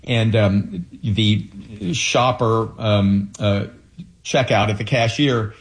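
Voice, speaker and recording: A man running for office, answering interview questions in an earnest, halting way with frequent fillers. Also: on the low side, fairly even intonation. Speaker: political candidate.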